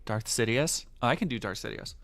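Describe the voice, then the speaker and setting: A man streaming live commentary, ranting in an animated, sarcastic way. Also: mid-range voice, a little fast, soft background music.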